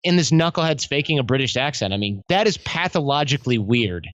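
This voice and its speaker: Animated slangy man on a podcast. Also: mid-range voice, brisk, dry recording, muffled recording. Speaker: podcast guest, self-development coach. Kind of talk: casual conversational interview.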